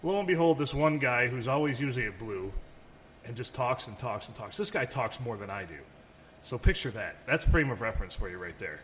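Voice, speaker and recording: A man's voice: mid-range voice, animated, brisk, a bit bright. A man co-hosting a podcast in casual chat, telling rambling stories and swearing freely. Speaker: podcast co-host. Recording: long reverb, faint room noise.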